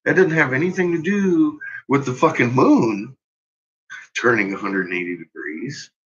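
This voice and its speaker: A man's voice: medium pitch, expressive, normal speed, fairly bright tone, breathy edge. A man ranting casually and with exasperation, swearing often and laughing at his own points. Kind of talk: profane casual rant. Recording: dull lo-fi recording.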